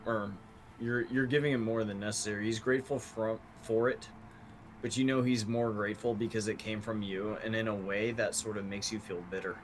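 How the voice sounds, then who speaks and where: A man's voice: fairly low pitch, fairly even intonation, fairly quick, faint music behind, poor audio. A man narrating as game master of a tabletop game, casual and swearing freely.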